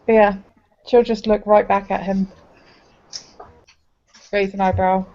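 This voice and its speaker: A woman playing a tabletop game, describing her character's actions in a relaxed, matter-of-fact way. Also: mid-range voice, slow. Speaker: player. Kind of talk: casual tabletop game chat. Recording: muffled lo-fi recording.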